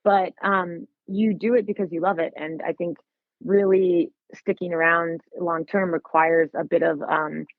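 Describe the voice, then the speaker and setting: A woman's voice: on the low side, steady tone, a little slow, dry recording. A woman photographer chatting as a podcast guest, rambling with many fillers and restarts. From United States. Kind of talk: casual podcast chat. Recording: tinny phone-like sound.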